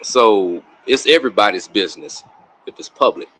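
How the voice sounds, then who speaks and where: A man's voice: lowish voice, moderate pace, a bit bright, breathy edge. A man who is a guest on a livestream panel, arguing his points in a lecturing way. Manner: argumentative, lecturing. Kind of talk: livestream debate.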